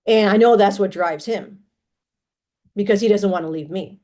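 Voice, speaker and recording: A woman telling personal stories in a casual monologue, rambling with many restarts and often clearing her throat. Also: mid-range voice, moderate pace, dark tone.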